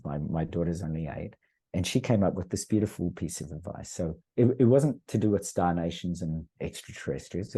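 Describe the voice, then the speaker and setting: Husky, very dark-voiced man. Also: deep voice. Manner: earnest, rambling, with frequent restarts. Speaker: podcast guest. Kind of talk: casual conversational storytelling.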